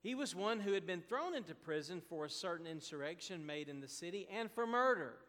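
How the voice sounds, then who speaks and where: A man preaching a sermon as pastor, slow and deliberate with emphatic pauses. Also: sits high, lively intonation, fairly bright tone, big-room sound.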